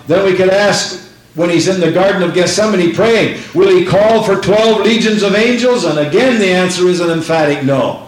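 A man preaching a sermon with fervent emphasis, repeating phrases and reading scripture aloud. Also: sits high. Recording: echoey room.

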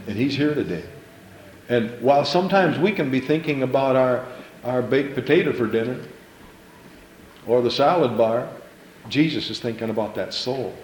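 A man's voice: mid-range voice, slight background noise. Impassioned preacher man in an echoey church. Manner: impassioned preaching with repeated phrases and stammered restarts. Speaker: pastor. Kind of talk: sermon.

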